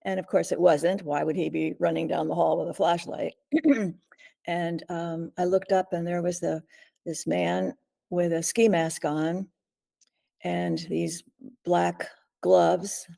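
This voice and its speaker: An older woman, a guest in an interview, recounting a frightening ordeal slowly and steadily, often pausing to clear her throat. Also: fairly low pitch, little pitch movement, warm tone. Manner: measured, frequent throat clearing. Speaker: guest, author.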